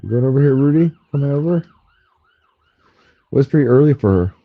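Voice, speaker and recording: A man's voice: expressive, fairly quick. A man hosting a casual livestream from home, chatting loosely with his viewers, heard through a slightly muffled headset mic. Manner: rambling, chatty, coos at his cat in a high baby voice. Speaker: livestream host. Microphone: headphone mic, a bit muffled.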